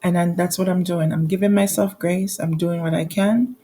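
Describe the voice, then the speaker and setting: With a fairly low, warm voice, fairly even intonation, and a moderate pace, a woman in her forties candidly goes over her monthly bills for a budgeting vlog. She reads amounts aloud, restarting often and using fillers, and laughs at her troubles over slight background noise.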